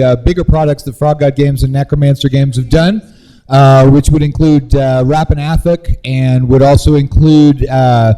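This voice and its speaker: A man, a game designer, explaining a project in a measured way with small hesitations. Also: mid-range voice, mellow, poor audio. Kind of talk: casual convention interview. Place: busy convention floor.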